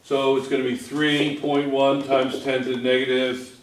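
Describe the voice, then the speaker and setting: A man's voice: medium pitch, flat delivery, normal speed. A man teaching a chemistry review class, coaxing students with question after question. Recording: echoey classroom.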